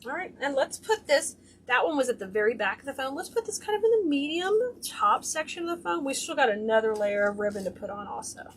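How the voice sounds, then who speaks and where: Woman, high voice, crafting host, gushy and chatty, faint hum behind. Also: sing-song, fast. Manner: chatty, gushing over her work. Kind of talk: hands-on craft demonstration.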